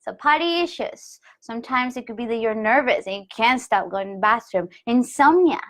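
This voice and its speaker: A woman in her thirties giving a candid, expressive live talk on intuition, reading viewer comments aloud and jumping up in pitch when she quotes herself. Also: normal speed. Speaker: spiritual teacher.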